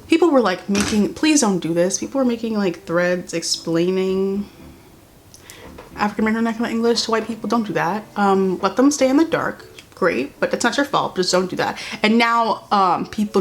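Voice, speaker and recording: Casting note: young woman vlogger, blunt and sarcastic, exasperated commentary, mid pitch. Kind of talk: casual commentary vlog while doing makeup.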